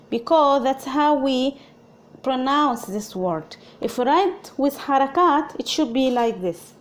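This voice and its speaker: A woman's voice: sits high, animated, a little slow. A woman with an Arabic accent teaching a language lesson, speaking patiently and repeating sounds for learners to copy.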